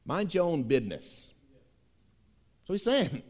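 A middle-aged male pastor preaching with a somewhat high voice. His pitch leaps and dips all over the place as he swings from hushed asides to loud, emphatic lines. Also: sing-song, unhurried, pauses often. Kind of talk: sermon.

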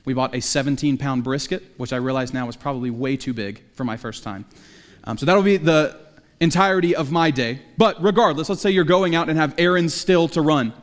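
A man's voice: on the high side, brisk, in a large hall. A man preaching a sermon in a conversational way, with jokey asides. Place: church sanctuary.

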